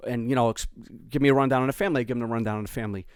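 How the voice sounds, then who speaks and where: A middle-aged man with a New York accent, a podcast host telling a family story in animated casual chat and acting out the quotes. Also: mid-range voice, very fast, smooth, no room sound, studio quality.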